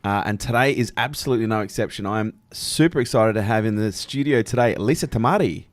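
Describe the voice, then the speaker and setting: A man's voice: lowish voice, fast, dry recording. Enthusiastic male podcast host. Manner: enthusiastic, lots of "you know" and "literally" fillers. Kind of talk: casual interview. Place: studio.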